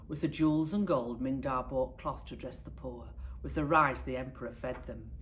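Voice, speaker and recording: Teacher reading a picture book aloud; low, expressive woman's voice. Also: normal speed, slight background noise. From United Kingdom. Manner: expressive, lively storytelling. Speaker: primary school teacher.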